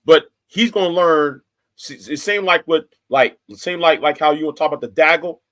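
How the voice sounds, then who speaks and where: A forty-something man rants furiously to camera as a YouTube commentator, profane and threatening, circling back to the same points for emphasis. He talks a little fast, with a fairly high pitch and fairly bright tone.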